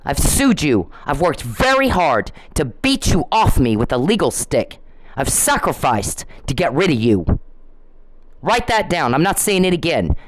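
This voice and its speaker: Her voice runs low, with big swings in pitch and a slightly slow pace, as this vlogger angrily scolds the camera and swears. Heated moments make her repeat and restart. There's slight background noise and the recording is low quality.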